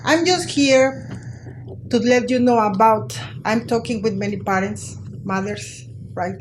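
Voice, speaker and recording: A woman speaks slowly and deliberately in halting English, her voice sitting a little high. She pleads and apologizes in turn during a public comment at a school board meeting, with a faint hum of room noise behind her. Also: poor audio. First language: Spanish.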